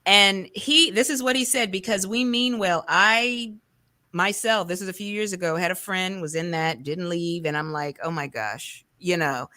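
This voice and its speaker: A woman hosting a talk show as a coach, speaking in an animated, rambling way with colloquial asides and self-corrections. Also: medium pitch, normal speed, dry recording, studio quality. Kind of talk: casual conversational interview.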